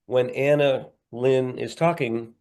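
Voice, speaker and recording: Slow and a little mellow, with a mid-range voice, a middle-aged comedian-actor is guesting on a podcast via video call. The interview is candid, and he wanders earnestly through his points with playful side remarks.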